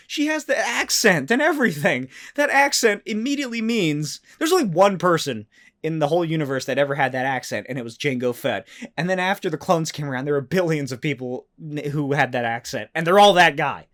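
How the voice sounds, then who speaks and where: Guy ranting on his podcast, kinda high voice, swears a ton, gets all worked up. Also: moderate pace. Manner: excitable, swears a lot, animated rants. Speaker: podcast host. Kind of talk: casual solo podcast talk.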